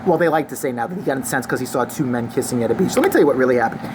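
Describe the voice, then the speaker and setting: A woman's voice: extremely low pitch, lively intonation, rapid-fire, background noise. Angry, foul-mouthed woman ranting. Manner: angry, crude, sarcastic. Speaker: vlogger. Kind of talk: profane opinion rant to camera.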